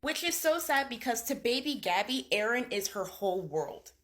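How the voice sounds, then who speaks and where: A young woman in her twenties recapping a book in a gossipy, casual way. Her voice swings widely in pitch as she reacts. She swears freely, like chatting with a friend. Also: big pitch swings, normal speed, fairly bright tone. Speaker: booktuber.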